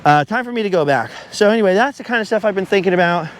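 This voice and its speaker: Man, vlogger, beach walk, rambling, verbose, lively pitch, light background hiss. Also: racing. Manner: verbose, wanders off topic. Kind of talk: rambling walk-and-talk monologue. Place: outdoors on a beach.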